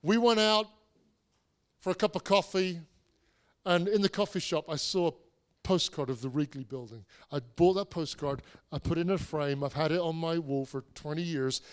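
A man's voice: on the high side, normal speed. A man, preaching a sermon in a conversational storytelling way, with restarts and self-deprecating asides. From England. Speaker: pastor.

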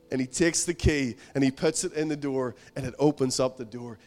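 Male pastor, high-pitched, earnest conversational sermon with repetition. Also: fairly quick, few pauses, faint music behind. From outside America. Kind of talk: sermon with storytelling.

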